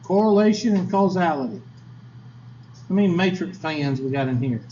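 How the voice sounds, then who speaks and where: A man with a slightly high voice teaches a statistics class, folksy and chatty, tossing questions at his students. The sound is echoey and a bit dull, recorded in a classroom with faint background noise. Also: lively intonation, normal speed, warm tone. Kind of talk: classroom lecture.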